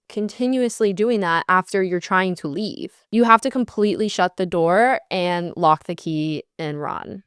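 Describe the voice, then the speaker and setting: A woman's voice: medium pitch, smooth, dry recording, clean studio sound. A young woman hosting a podcast, giving candid breakup advice in a blunt, sassy and heavily profane way. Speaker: podcast host.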